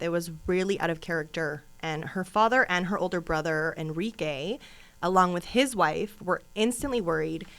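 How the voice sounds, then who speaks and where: A woman's voice: fairly low pitch, fairly bright tone. A woman co-hosting a true crime podcast in casual, chatty talk, rambling into asides and laughing often. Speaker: podcast co-host.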